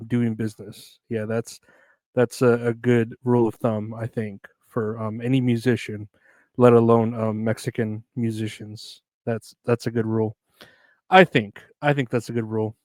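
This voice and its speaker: A man's voice: mid-range voice, no room sound. A man hosting a solo comedy podcast, riffing on news headlines in a sardonic, profane, rambling way with many restarts. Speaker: podcast host.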